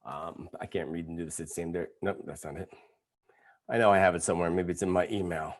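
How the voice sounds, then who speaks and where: A man's voice: low-pitched, fairly even intonation, fast talker. Ranting man hosting a live stream. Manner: ranting, sarcastic, indignant. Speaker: psychic host of live stream. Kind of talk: live stream chat reading comments.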